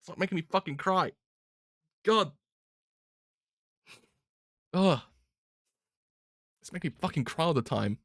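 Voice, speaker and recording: A man's voice: on the high side, lively intonation, measured pace, long pauses, fairly bright tone, no room sound, studio quality. A man reacting emotionally to a manga he reads, swearing often and laughing between lines.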